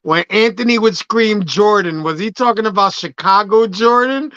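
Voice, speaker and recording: A man drops slow, joking asides into a sports podcast chat. His voice is high and bright, and it sounds dry and a little muffled, with dull, lo-fi sound. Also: dry recording. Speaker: podcast co-host. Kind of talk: casual sports banter.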